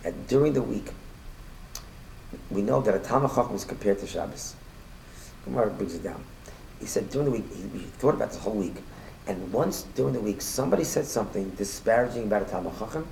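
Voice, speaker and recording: Quick, gravelly-voiced man teaching Torah. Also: lowish voice, expressive, a little hiss or hum, low-quality recording. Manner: talks in quick bursts, repeats and restarts, rises loudly when quoting. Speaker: rabbi teaching a Torah class. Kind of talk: casual Torah lesson with storytelling.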